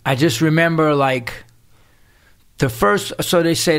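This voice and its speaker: A man's voice: fairly high pitch, expressive, moderate pace, a bit bright. A man, a guest telling a story in casual conversation, streetwise and full of cursing, acting out the people he quotes. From New York City.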